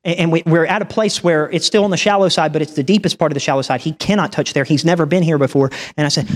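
A man preaching a sermon as an animated storyteller who acts out the dialogue in his story. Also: fairly high pitch, fast, long reverb tail.

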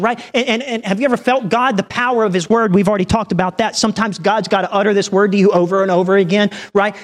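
A man preaching a sermon as an animated storyteller who acts out the dialogue in his story. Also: high-pitched, fast, few pauses, long reverb tail.

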